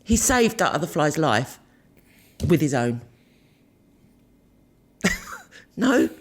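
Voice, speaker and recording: A woman's voice: sits low, very animated, takes it slowly. A woman in her fifties with a South London accent, co-hosting a casual podcast chat, teasing and laughing often. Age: 50s. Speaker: podcast co-host.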